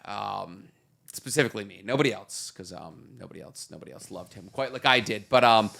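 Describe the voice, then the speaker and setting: A man's voice: fairly low pitch, brisk, gravelly, pushed and bright. A man co-hosting a podcast, trading profane jokes in rambling, casual banter. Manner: joking, profane, rambling riffs. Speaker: podcast co-host.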